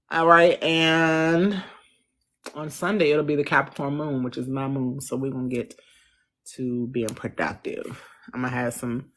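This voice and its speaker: A relaxed astrologer chats through a live stream on a phone. The voice sits at a middle pitch, with loose slang and easy laughter while answering viewers. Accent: Central US. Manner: chatty, answers viewer comments. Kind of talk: casual livestream chat.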